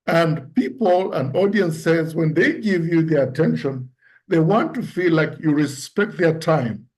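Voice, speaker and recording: A man giving an instructive talk on public speaking, explaining points deliberately and acting out example lines to show tone. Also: a little mellow. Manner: deliberate, demonstrates pitch and tone examples aloud.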